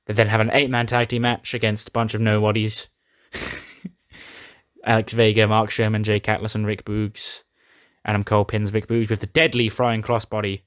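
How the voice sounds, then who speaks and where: A man with a somewhat low voice talks through his wrestling sim playthrough in a casual recap. He tells the storylines with chatty, dramatic flair, and his voice sounds dry and close to the mic. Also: level tone, normal speed, clear, resonant tone, no echo. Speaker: gaming YouTuber.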